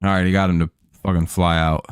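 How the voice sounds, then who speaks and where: A man hosting a live baseball watch-along, talking through the game in a chatty, joking way and swearing freely. His voice is low, smooth and resonant. It is recorded close and dry, with no room sound. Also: level tone, quick pace, no room sound. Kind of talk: casual live-stream game commentary.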